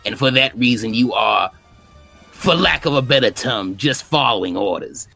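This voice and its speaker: A man's voice: medium pitch, expressive, normal speed, gravelly, bright, forceful tone, faint music behind, heavily acted. A man voicing a stressed, weary male Plusle who rambles and pleads for peace in a tabletop game. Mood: weary pleading. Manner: rambling, pleading, self-correcting.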